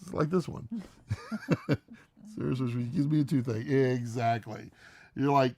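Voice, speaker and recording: A man co-hosting a live stream, chatting casually and quickly, laughing often as he answers questions. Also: mid-range voice, mellow, no room sound. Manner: fast-talking, laughs often.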